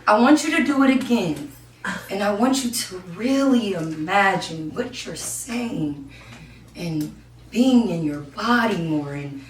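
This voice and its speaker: A woman imitating a female voice professor who gives slow, soft, measured feedback. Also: mid-range voice, lively intonation, slight background noise, pitched below the performer's own voice. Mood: coaching. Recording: roomy live stage, distant mic, music.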